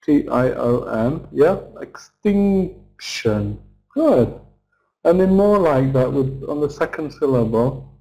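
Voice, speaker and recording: A middle-aged man teaches English pronunciation, modelling each word slowly and clearly so learners can repeat it. His voice is mellow and relaxed, and he takes his time over every syllable. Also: medium pitch, low-quality recording. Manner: slow, deliberate, modelling words for repetition. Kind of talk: pronunciation lesson, slow drills.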